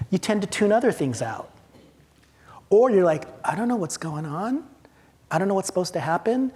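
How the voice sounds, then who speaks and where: A man's voice: fairly high pitch, darkish tone. Man leading a staff training in a hall. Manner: emphatic, rhetorical questions, acts out reactions. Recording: long hall reverb.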